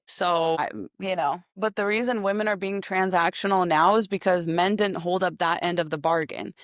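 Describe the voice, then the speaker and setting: A woman's voice: lowish voice, no room sound, clean studio sound. A young woman giving casual opinion commentary and answering comments, sarcastic and blunt, swearing freely.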